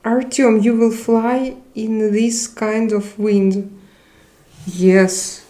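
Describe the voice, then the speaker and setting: Young woman, live-stream host, unhurried delivery, reads out chat comments and replies. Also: fairly high pitch, little pitch movement, dark tone. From Russia. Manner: reads viewer comments aloud and answers them.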